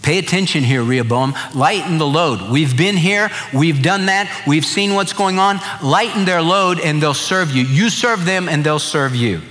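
A man voicing a group of wise old male royal advisers who give calm, insistent counsel. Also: on the high side, normal speed, few pauses, close to an everyday voice. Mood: urging. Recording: reverberant church hall.

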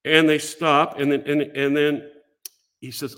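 An older man, a podcast guest, telling an animated story and acting out the other people in it. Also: fairly high pitch, moderate pace.

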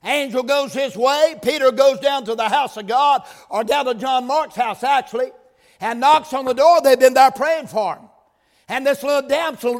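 A man preaches in a church, his voice pitched very high. He moves from hushed prayer into loud, emphatic preaching. The sound carries a long reverb from the sanctuary. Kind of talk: sermon.

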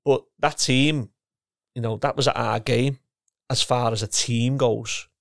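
A middle-aged man reminisces about his playing days. His voice has a gravelly edge, and he keeps repeating words and restarting his sentences. The sound is dry and close, with no room around it. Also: mid-range voice, steady tone, a little slow, no room sound. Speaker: former footballer and coach, guest. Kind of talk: casual chat.

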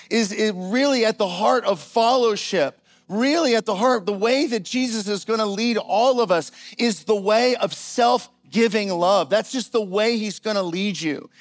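A male pastor preaching a sermon in an animated, conversational style with casual asides. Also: high-pitched.

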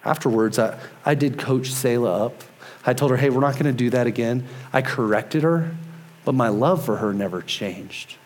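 A man in his thirties preaching a sermon, earnest and emphatic, easing into a soft, quiet tone for prayer. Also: mid-range voice, moderate pace. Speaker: pastor.

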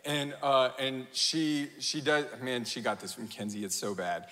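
A man in his thirties preaching a sermon, telling a family story with animated acted-out quotes and self-mocking laughter. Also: medium pitch, a little slow. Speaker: pastor. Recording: long hall reverb.

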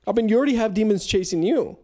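A man's voice: high voice, lively intonation, rapid-fire, a little mellow. A man co-hosting a podcast, tossing in short profane reactions and teasing the storyteller. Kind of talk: casual chat.

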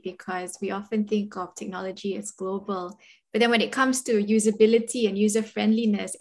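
A woman hosting an interview. Her voice sits at a middle pitch. She affirms what her guest says and leads into each framed question. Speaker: interview host.

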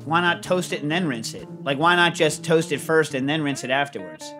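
A middle-aged man hosting a casual chat show, telling stories in a rambling, animated way with lots of fillers. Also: a little high, brisk, faint music behind. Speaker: podcast host.

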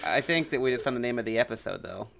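A man's voice: mid-range voice, animated, fast talker, creaky, fairly bright tone. A man co-hosting a podcast in casual chat, making dry, wry asides. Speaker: podcast co-host.

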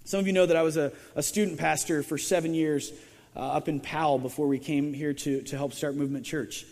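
A man's voice: fairly high pitch, fairly even intonation, fairly quick, gravelly, darkish tone. A male pastor preaching a sermon in a conversational storytelling way, often restarting words and adding wry asides. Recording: long reverb of a large hall.

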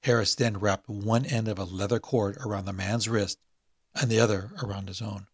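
A man's voice: lowish voice, steady tone, normal speed, husky, dry recording, clean studio sound. A man hosting a podcast, chatting hesitantly with many fillers and reading a spooky short story aloud. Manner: hesitant, full of fillers and restarts in chat.

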